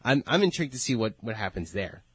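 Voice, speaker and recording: A man's voice: fairly low pitch, sing-song, quick pace, breathy edge, no echo. A male radio host asking questions and bantering playfully in a sports talk show.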